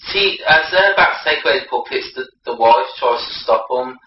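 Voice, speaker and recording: A man's voice: medium pitch, lively intonation, fairly quick. A man retelling a film's plot in a rambling casual way, full of fillers. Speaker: podcast co-host. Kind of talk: casual film recap. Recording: roomy, distant, dull recording with faint hiss.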